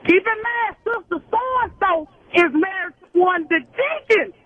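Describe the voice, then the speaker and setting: A woman's voice: extremely high pitch, animated, a little slow, dry recording. A woman caller, telling a story on air in a brash, profane, laughing way. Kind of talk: phone-in storytelling. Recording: dull phone-line sound.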